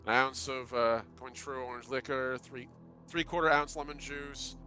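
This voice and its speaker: A man running a tabletop game as game master, calmly narrating actions step by step. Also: medium pitch, normal speed, soft background music.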